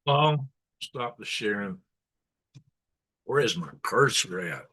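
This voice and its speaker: A man's voice: fairly low pitch, animated, slow, bright, forceful tone, slightly rough. A man hosting his own live-stream show, chatting casually in an aggravated, rambling rant broken up by chuckles. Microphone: computer setup for live broadcast.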